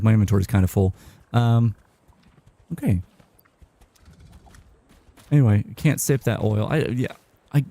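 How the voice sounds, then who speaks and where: A man streaming a game live, chatting casually in a rambling, halting way. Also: medium pitch, vocal fry, mellow. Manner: rambling, halting, with many restarts and fillers.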